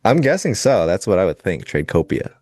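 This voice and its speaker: Man, deep voice, relaxed rambling trading talk, dry close sound. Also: brisk, no room sound. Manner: relaxed, rambling, laughs often. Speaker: futures trader on a live show. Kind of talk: casual live-stream chat while trading.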